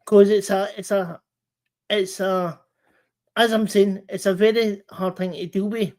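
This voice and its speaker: In a casual livestream chat, the host speaks earnestly yet in stop-start bursts, frequently backtracking and repeating himself. His voice sits high, steady, and slightly mellow.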